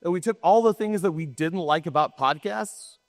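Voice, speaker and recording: Man, higher register, casual podcast co-host, rambling and emphatic delivery, long reverb on the track. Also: normal speed. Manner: rambling, self-interrupting, emphatic. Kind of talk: casual chat.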